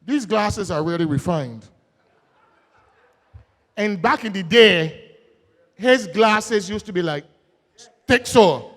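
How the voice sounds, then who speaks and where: A man with a Barbadian accent giving a political rally speech, folksy and joking, then building to shouted emphasis. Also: sits high, expressive, slow, long pauses. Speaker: political speaker. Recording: long hall reverb.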